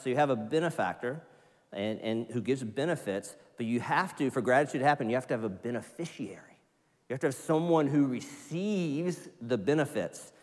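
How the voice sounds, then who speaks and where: A man preaching a sermon to his congregation, animated, sometimes putting on excited voices. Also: mid-range voice, a little fast. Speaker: pastor. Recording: church hall reverb.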